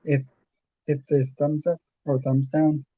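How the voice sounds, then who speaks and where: A man's voice: a little high, flat delivery, takes it slowly, warm tone, no echo, highs cut off. A man hosting a movie livestream in a laid-back, casual way, plugging his channels. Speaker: livestream host.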